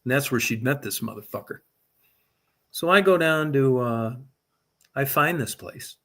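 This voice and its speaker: A middle-aged man spins a long personal yarn in loose, casual talk, cursing freely and building energy as he goes. His voice sits at an ordinary middle pitch for a man. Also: a little slow. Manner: profane, animated storyteller. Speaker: guest telling a story. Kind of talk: casual storytelling.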